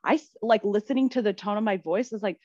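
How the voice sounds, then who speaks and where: A woman's voice: mid-range voice, quick pace, mellow, dry recording. A woman co-hosting a podcast in casual chat, chatty and agreeable, often laughing. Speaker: podcast co-host. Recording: dry, slightly dull sound.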